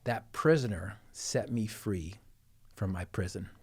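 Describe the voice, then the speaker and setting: A man's voice: a little slow, husky. Earnest man telling a personal story. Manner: earnest, intense, voice dropping low on key moments. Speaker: guest speaker.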